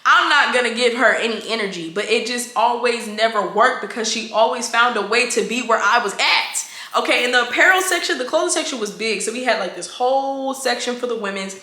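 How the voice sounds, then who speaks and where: A young woman in her twenties tells a casual storytime in a bright, forceful voice pitched a little high. She is blunt, slangy and animated, and her voice bounces off an echoey room. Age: 20s. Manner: animated, slangy and blunt, quotes coworkers in quick asides. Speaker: vlogger.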